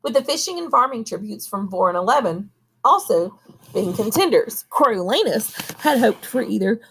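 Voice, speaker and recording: A woman reading a novel aloud at a steady pace, now and then pausing to correct herself. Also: fairly high pitch, slightly rough. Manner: steady reading with occasional coughs and self-corrections. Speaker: audiobook reader. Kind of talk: amateur audiobook reading.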